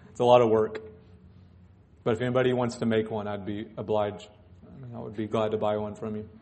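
A man's voice: lowish voice, flat delivery, normal speed, darkish tone. A male pastor preaching in church, reading scripture aloud and breaking off into joking asides. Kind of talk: sermon.

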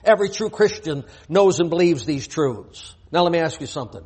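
Male preacher, higher register, husky voice, emphatic sermon delivery full of rhetorical questions and scripture readings. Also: expressive, a little fast, a little mellow. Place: church.

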